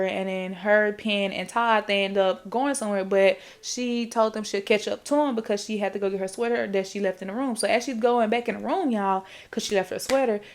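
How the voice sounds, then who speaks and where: Woman podcast host, loose profane recap storyteller, rambling, talks right to her listeners. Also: medium pitch. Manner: rambling and profane, with repeated fillers; talks straight to the audience. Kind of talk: casual movie recap storytelling.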